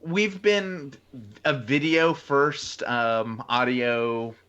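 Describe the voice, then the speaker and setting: A man's voice: medium pitch, drawn-out words, fairly bright tone, clear, resonant tone, lo-fi sound. A man co-hosting a film podcast, talking eagerly and restarting his sentences as he goes. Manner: enthusiastic, repeats words when starting a thought. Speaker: podcast co-host. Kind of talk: casual chat.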